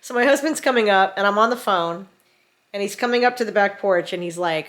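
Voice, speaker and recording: A middle-aged woman vlogger telling a story from home in a casual, animated way, acting out what people said. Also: mid-range voice, brisk. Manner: animated, acts out quotes. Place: home in rural mountains.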